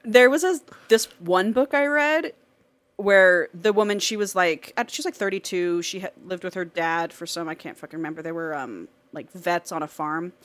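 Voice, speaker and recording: A woman's voice: fairly low pitch, normal speed, a bit bright, no echo. A woman co-hosting a podcast who recaps a novel in casual chat, swearing freely, laughing often and acting out the characters' lines. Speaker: podcast co-host.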